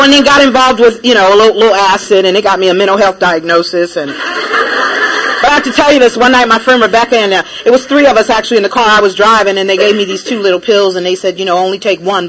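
A woman speaker telling her own recovery story in a lively, laughing way, with many fillers. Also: mid-range voice. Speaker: traveling speaker. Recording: noisy recording.

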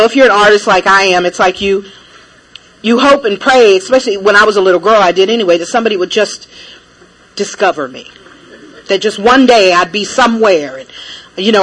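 A woman speaker telling her own recovery story in a lively, laughing way, with many fillers. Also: medium pitch. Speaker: traveling speaker. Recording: noisy recording.

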